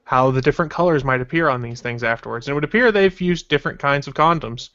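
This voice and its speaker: A man's voice: medium pitch, quick pace, highs cut off. A man hosting a casual podcast, loosely reading out news and chat messages. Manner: relaxed, rambling, reads out news and chat messages. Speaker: podcast host.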